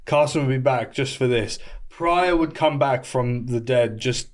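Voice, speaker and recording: A man's voice: medium pitch, measured pace. A British man co-hosting a comedy podcast, riffing and building jokes in a casual chat. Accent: British English. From Britain. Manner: riffing, joking, escalating bits. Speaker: podcast co-host.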